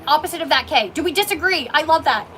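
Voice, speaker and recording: Bubbly canadian-raised woman chatting to her livestream from her coffee shop, bright voice, a little background hum. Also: sits high, animated, fast talker. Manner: bubbly, gushing, emotional. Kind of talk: casual livestream chat reading comments. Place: small coffee shop, indoors.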